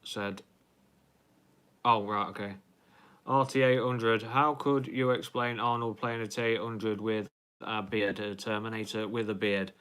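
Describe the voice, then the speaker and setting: A young man chats his way through a live stream, reading viewer comments aloud and rambling with plenty of ums and false starts. His voice is low, bright and smooth. He keeps an even, flat tone throughout. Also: unhurried. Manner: rambling, full of ums and restarts.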